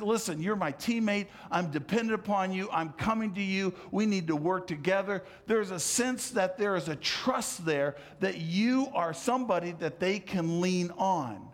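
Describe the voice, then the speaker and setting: High-voiced preaching man, impassioned. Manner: impassioned preaching, swinging from loud emphatic calls to soft low asides. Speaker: pastor. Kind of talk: sermon.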